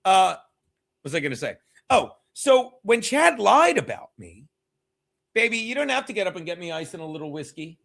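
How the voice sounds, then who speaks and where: A man hosting a casual livestream, rambling, laughing and losing his train of thought as he gives shout-outs to the chat. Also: high-pitched, sing-song, moderate pace, gravelly. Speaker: comedian hosting a livestream show.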